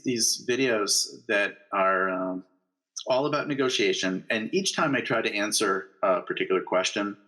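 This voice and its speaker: A man's voice: fairly low pitch, poor audio. A middle-aged man, a negotiation lecturer and author, giving explanatory answers in an interview and acting out bits of dialogue as examples. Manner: animated, acts out dialogue examples.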